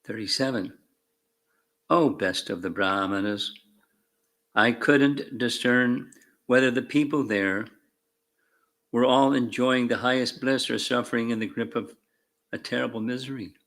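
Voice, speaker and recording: A man reading scripture verses aloud and adding commentary as a spiritual teacher, slow and measured with fervent emphasis on key words. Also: medium pitch, fairly bright tone. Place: temple class room.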